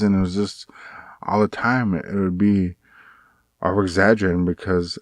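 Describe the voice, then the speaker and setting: A man talking in a casual personal vlog, rambling and halting with many restarts, earnest and aggrieved. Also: low voice, fairly even intonation, dry recording. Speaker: vlogger.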